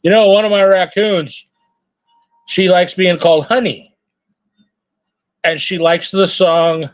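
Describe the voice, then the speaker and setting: A man's voice: sits high, steady tone, slow pace, faint music behind. A man chatting casually and rambling while opening trading cards, joking and reading out names. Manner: rambling, jokey, sings and mutters names. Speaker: card collector vlogger. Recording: dull lo-fi sound.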